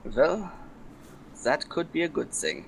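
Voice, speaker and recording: A man voicing his own character at a tabletop game, careful and polite in his phrasing. His voice is gravelly and fairly high for a man, with faint room noise behind it. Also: sing-song, slow, low-quality recording. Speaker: player. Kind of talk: in-character tabletop role-play.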